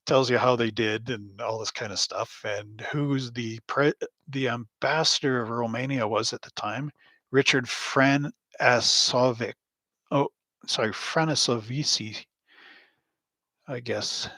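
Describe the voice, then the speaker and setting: A man's voice: mid-range voice, steady tone, moderate pace, a bit bright, no echo. A man hosting a live stream from his home hobby room, chatting in a rambling, anecdotal way with frequent chuckles. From Canada. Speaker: host. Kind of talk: casual live stream chat.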